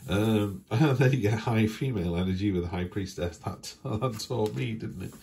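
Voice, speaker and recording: A man's voice: lowish voice, moderate pace, vocal fry, dark tone. A man giving a casual weekly tarot reading, chatty and rambling, with fillers and asides. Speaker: tarot reader.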